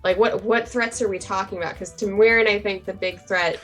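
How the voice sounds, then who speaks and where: A woman's voice: mid-range voice, fairly even intonation, fairly quick, fairly bright tone, soft background music. Chatty woman rambling on a stream. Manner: chatty and rambling, with many fillers. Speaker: tabletop game player. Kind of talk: casual chat on a live stream.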